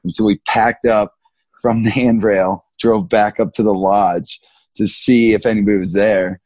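A man in his thirties, a big mountain skier guest, telling stories in a relaxed, slangy way, laughing often and acting out what people said. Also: fairly low pitch, moderate pace, no room sound. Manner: laid-back, slangy, laughs often, acts out quotes. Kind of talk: casual storytelling interview.

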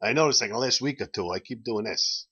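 Man, bar host vlog, casual rambling chat, husky bright voice, dull lo-fi webcam sound. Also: lowish voice, lively intonation, quick pace. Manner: rambling, chuckling, sways in and out of frame. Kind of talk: casual promotional video chat.

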